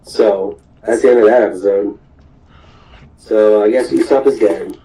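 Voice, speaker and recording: Brief: low-voiced man, unhurried, loose rambling recap of an episode. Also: steady tone, mellow, a little hiss or hum, poor audio. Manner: rambling, many ums and restarts. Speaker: podcast host. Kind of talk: casual recap of a cartoon episode.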